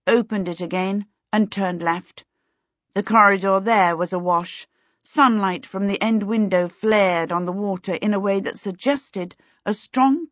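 A woman reading a children's storybook aloud in a measured, expressive way. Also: lowish voice, no room sound, muffled recording. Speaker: audiobook narrator. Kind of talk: scripted storybook narration.

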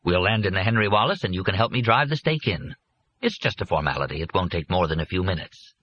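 A man voicing a calm, confident older businessman who explains his land deal to his son in a persuasive, matter-of-fact way. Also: deep voice, quick pace, a little hiss or hum. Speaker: father. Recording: muffled lo-fi recording.

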